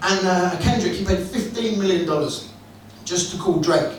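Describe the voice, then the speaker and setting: A man's voice: high voice, moderate pace, over a noisy crowd. A man performing a stand-up comedy set in a club, telling crude, sweary jokes with a wry storytelling manner. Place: comedy club room, indoors. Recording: echoey club room, distant mic, noisy.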